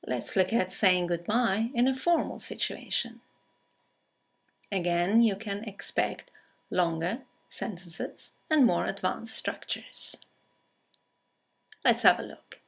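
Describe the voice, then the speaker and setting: A woman narrating a scripted English conversation lesson, reading example greetings aloud with slow, clear delivery. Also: medium pitch. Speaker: English teacher.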